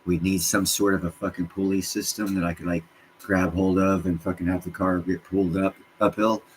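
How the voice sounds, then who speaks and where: A man with a very low voice hosts a casual livestream, answering viewers' comments. He rambles from one subject to the next and gets worked up, with plenty of swearing. A faint hiss sits under his voice. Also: moderate pace, rough recording. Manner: profane, excitable, jumps between topics. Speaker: livestream host answering chat.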